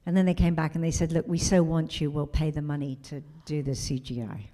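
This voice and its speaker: A middle-aged woman speaking on a convention panel, with a slightly low voice. She tells her stories with energy, acting out what others said. Her talk is warm and chatty. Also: a little fast. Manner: animated storyteller who acts out quotes. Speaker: convention guest of honor.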